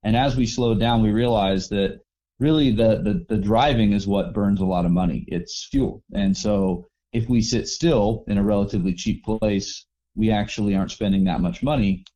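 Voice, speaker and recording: Male guest, easygoing storyteller; lowish, dark, mellow tone. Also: moderate pace. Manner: relaxed, rambling with restarts and acted-out quotes. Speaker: overland traveler guest. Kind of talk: casual storytelling interview.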